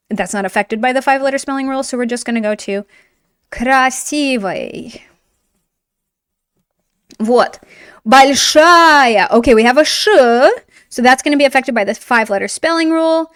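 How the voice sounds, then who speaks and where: Woman, language teacher, lively and chatty, playful asides, slightly high voice. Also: a little fast, clear, resonant tone. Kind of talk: online grammar lesson.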